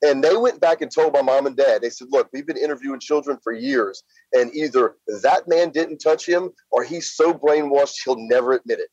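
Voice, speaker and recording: A middle-aged man from Louisiana, a guest recounting events in a plain-spoken, halting way full of fillers. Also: medium pitch, darkish tone, dry recording. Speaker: interview guest. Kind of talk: casual spoken storytelling. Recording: slightly dull lo-fi sound.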